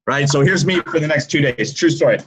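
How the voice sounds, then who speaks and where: A man's voice: on the high side, fairly quick, breathy edge, rough recording. A business coach on a video call, a man telling a story with lots of energy and tagging his sentences with "right?" and "okay?". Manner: loud and animated, by his own account. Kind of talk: motivational talk on a video call.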